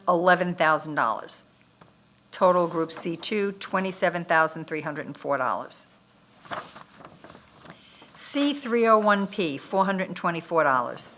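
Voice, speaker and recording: A woman at a town bid opening reads item codes and dollar amounts in order. She speaks slowly and deliberately, with a crisp, bright tone. Her delivery stays steady and methodical from one figure to the next. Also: lowish voice, a little hiss or hum. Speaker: municipal official reading bids. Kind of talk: reading bid figures aloud at a public opening. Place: town government meeting room.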